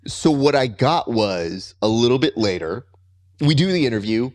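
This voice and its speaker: Animated man hosting a grappling podcast. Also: normal speed. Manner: animated storyteller, jumps high when quoting himself. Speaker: podcast host. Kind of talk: casual interview chat.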